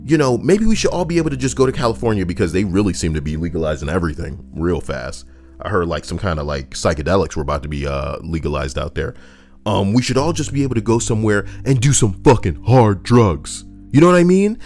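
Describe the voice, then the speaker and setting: A young man doing casual, profane commentary that rambles and swings between loud rants and low mutters. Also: animated, fast talker, faint music behind. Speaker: YouTube commentator.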